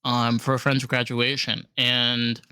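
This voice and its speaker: A man's voice: medium pitch, completely flat delivery, slow, bright, forceful tone, smooth, no echo. A man with a New York accent, co-hosting a podcast and telling stories bluntly and emphatically in casual chat. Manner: blunt, emphatic storytelling with swearing. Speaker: podcast co-host.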